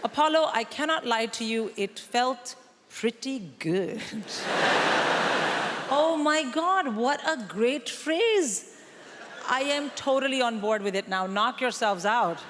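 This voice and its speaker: A woman's voice: on the high side, animated, slow pace. A woman in her forties doing a stand-up set on a large theatre stage, telling dry, punchy stories to the crowd. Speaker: stand-up comedian. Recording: reverberant hall with audience noise.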